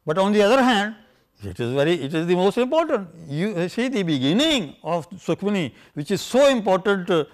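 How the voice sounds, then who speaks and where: An older man gives an academic lecture in a slightly high voice. He talks haltingly, restarting phrases and leaning on "you see" as he explains vowel patterns. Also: very animated. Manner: halting, many fillers, keeps saying "you see". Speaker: lecturer on scripture language.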